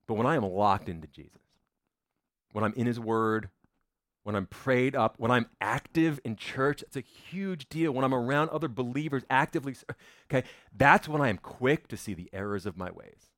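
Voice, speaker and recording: A man preaching a sermon as pastor, dramatic, dropping to a hush and rising again. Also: medium pitch, moderate pace, dry recording, clean studio sound. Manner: dramatic, swings from loud to hushed.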